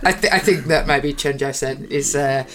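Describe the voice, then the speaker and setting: A woman's voice: very deep voice, normal speed, slight background noise. A woman with a Birmingham accent hosting a podcast interview, chatty and often laughing as she talks. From Birmingham, England. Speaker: podcast host. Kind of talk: casual interview chat.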